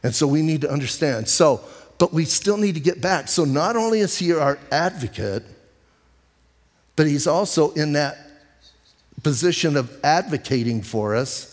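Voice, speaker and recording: A male pastor delivers a conversational sermon with a slightly high voice, firing off rhetorical questions and dropping into slow, deliberate emphasis on key lines. His words ring out with a long reverb tail, as in a church sanctuary. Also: animated. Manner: emphatic, slows down on key phrases.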